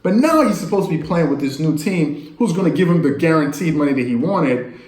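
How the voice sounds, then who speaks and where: A man's voice: a little high, lively intonation, brisk, a little mellow, roomy sound. A man talking casually about sports news, rambling and incredulous, speaking straight to his viewers. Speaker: sports commentator. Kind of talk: casual sports talk monologue.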